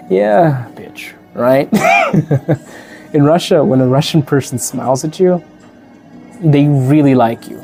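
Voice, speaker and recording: A man's voice: mid-range voice, mellow. A man from Africa who hosts a podcast, chatting casually to the camera, laughing often and acting out the people he quotes. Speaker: podcast host and teacher.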